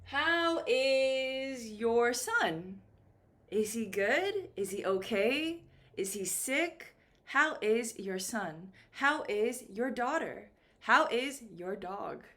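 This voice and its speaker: Slow, lively-voiced woman teaching beginners. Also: on the high side. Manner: slow, clear, exaggerated intonation for learners. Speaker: English teacher. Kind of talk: slow beginner ESL lesson.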